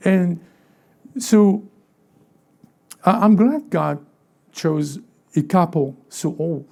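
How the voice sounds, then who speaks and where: A man's voice: sits high, slow pace, creaky, pauses often, dark tone. A man preaching a sermon as pastor. He keeps asking the congregation questions, acts out little quoted voices, and often repeats words or restarts phrases. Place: church sanctuary.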